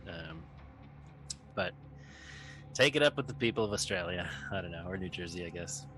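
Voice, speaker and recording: A man with a deep voice and lively intonation co-hosts a casual podcast, reading trivia questions aloud as quiz master and joking with his co-host. He talks at normal speed over some background noise.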